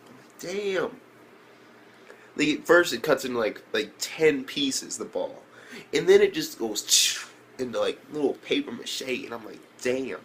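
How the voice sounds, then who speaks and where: Give me an excitable young man reviewing anime, slangy and profane, mid-pitched, with faint noise behind him. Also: normal speed. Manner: profane, slangy, excitable, with sudden jumps in pitch when reacting. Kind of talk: casual spoken review.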